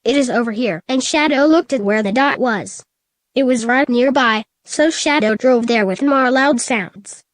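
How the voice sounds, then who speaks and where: Flat-reading woman narrator, dry sound. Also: sits high, measured pace, no echo. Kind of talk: reading a fan story aloud.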